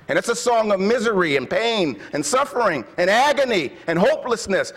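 A man preaching a sermon, reading scripture passionately and dropping his voice to a hush at times. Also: extremely high pitch, lively intonation, big-room sound. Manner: impassioned, slows and drops to a hush when reading scripture.

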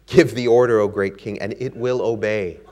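Brief: flattering courtiers, voiced by a male preacher, eager and fawning. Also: fairly low pitch, moderate pace, lightly acted. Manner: gushing, flattering.

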